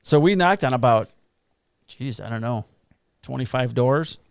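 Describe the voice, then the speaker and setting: A middle-aged man, a police officer, tells a long work anecdote in a loose, rambling way with plenty of swearing. His voice sits at an ordinary pitch and sounds dry and close, with no room around it. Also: lively intonation, a little slow, gravelly, clean tone, dry recording. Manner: rambling, profane anecdote telling. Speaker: podcast co-host, police officer. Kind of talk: casual storytelling chat.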